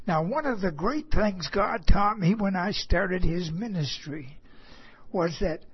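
Slow, husky-voiced preacher telling a story. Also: medium pitch, muffled recording. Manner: slow, emphatic, repeats phrases for stress. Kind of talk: sermon told as a personal story.

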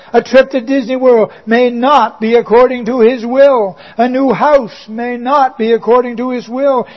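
A man preaching a sermon in a slow, emphatic way, with dry asides. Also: very high voice. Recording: dull lo-fi recording.

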